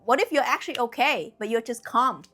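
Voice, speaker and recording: A woman's voice: fairly high pitch, expressive, a little fast, bright, forceful tone, faint music behind. A woman giving a motivational talk to camera as a spiritual coach, earnest and direct, often checking in with her listeners.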